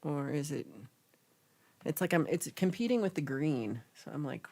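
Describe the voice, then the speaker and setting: A young woman chats through her livestream, reading out viewer comments and reacting as she goes. Her voice sits low, yet her pitch swings widely and animatedly. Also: normal speed. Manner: chatty, reacts with gasps and laughs, animated. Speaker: livestream host reading chat. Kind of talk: casual livestream chat.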